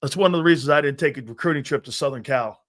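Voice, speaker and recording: A middle-aged sports talk host from Connecticut, with a voice pitched a little high for a man. He tells long, rambling stories in a loose, casual way. He often stops to speak to the viewers in the live chat. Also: fast, fairly bright tone.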